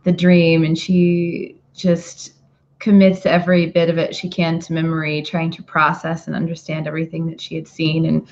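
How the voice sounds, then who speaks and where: A woman's voice: deep voice, monotone, normal speed, darkish tone, dull audio, slight background noise. A woman player chatting casually at a tabletop game, thinking aloud with plenty of fillers, over a video call.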